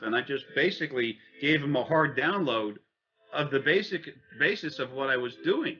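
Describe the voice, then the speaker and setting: A man telling a long personal story in casual speech, halting often with fillers and restarts and swearing bluntly. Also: mid-range voice, expressive, pushed and bright, dull audio. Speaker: interviewee.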